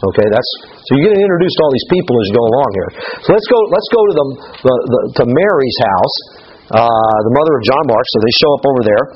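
A man's voice: mid-range voice, lively intonation, quick pace, breathy edge, highs cut off. A man preaching a sermon as pastor, telling a scripture story with humor and acting out the people in it.

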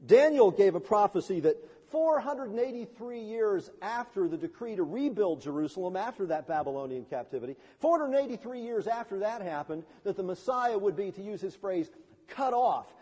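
A male pastor preaching a sermon in a church, swinging between soft and loud and acting out quoted voices. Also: husky, big-room sound. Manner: preaching with wide swings in pitch and loudness, voicing quoted people.

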